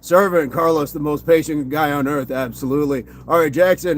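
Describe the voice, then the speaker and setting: A man's voice: on the high side, fairly quick, few pauses, a little hiss or hum. A man hosting a daily fitness livestream, casually chatting, joking and greeting viewers by name as he reads their comments.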